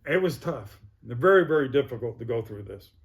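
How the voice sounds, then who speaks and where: A man's voice: medium pitch, expressive, a little fast, vocal fry. A man telling his own story as an interview guest, plainspoken and vivid. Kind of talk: personal recovery story.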